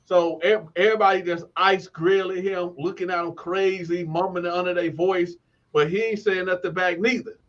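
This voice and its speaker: A man's voice: high-pitched, steady tone, moderate pace, fairly bright tone, lo-fi sound. A man from Flint telling stories in a casual way, laughing often and acting out other people's voices. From Flint, Michigan. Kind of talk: casual storytelling.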